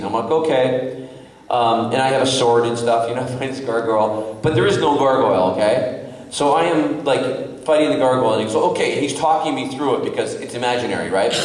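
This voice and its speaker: A man, an actor guest on a convention panel, telling an animated story to a crowd with lots of laughing and fillers. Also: mid-range voice, a little fast. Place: convention hall panel room. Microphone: distant from the recording mic. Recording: echoey hall from far off.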